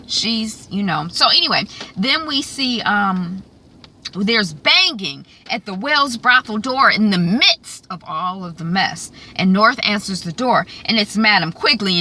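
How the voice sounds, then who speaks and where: A woman's voice: fairly low pitch, sharp tone, slight background noise. A woman giving a casual, chatty recap of a TV episode. She fills her talk with ums and acts out the characters' lines. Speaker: TV recap reviewer.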